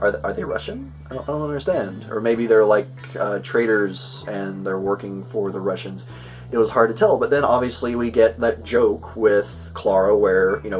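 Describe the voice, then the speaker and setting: Rambling male reviewer, a bit off-mic. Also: mid-range voice. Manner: rambling and chatty, often restarting sentences. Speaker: show host reviewing an episode. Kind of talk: casual spoken episode review. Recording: voice a bit far from the mic, faint music.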